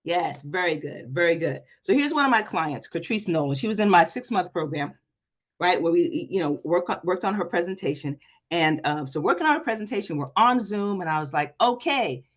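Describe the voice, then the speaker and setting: A woman coach giving an energetic live online workshop, asking the audience questions and acting out quoted speech with a lifted voice. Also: fairly low pitch, moderate pace. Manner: energetic, talks straight to the audience with repeated questions. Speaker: presentation coach. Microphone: video call.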